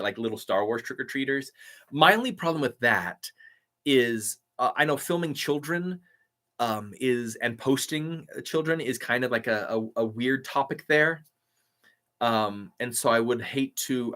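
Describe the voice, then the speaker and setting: A man's voice: medium pitch, bright, forceful tone. A male voiceover artist hosting a casual live stream, answering viewer comments in an eager, chatty and grateful way.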